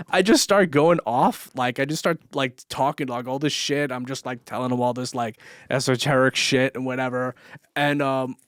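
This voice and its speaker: A man's voice: mid-range voice, smooth, no echo, studio quality. A young man telling a long story on his vlog, rambling and swearing with lots of fillers and laughs. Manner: rambling, profane, full of fillers, laughs often. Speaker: vlogger. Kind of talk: casual storytelling monologue.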